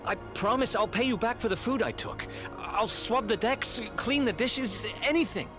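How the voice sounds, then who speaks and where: A young thief from a video game who has lost his memory, stammering and apologizing in a high voice. Loud game music plays behind him as he pleads. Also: normal speed. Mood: pleading.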